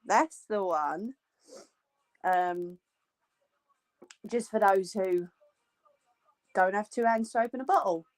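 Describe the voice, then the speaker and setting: A woman's voice: medium pitch, slow, pauses often. A woman hosting a live crafting stream, chatting casually and joking with viewers as she sews, a little tired. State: tired, yawning. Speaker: crafting livestream host. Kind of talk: casual chat while sewing live.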